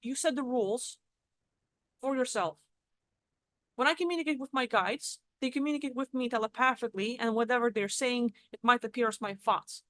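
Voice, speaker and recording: A woman with a high voice talks casually and bluntly, dropping swear words as she explains. The sound is close and dry, with no room echo. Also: moderate pace, fairly bright tone. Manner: casual and blunt, swears freely, acts out quoted reactions. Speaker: spiritual vlogger. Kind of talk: casual teaching monologue.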